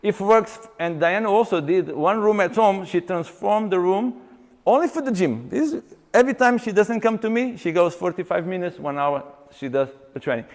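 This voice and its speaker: High-voiced man speaking in a reverberant hall. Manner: animated storyteller who acts out client dialogue; halting, with many restarts and fillers. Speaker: seminar speaker, exercise coach. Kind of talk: live seminar talk. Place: seminar venue with long reverb.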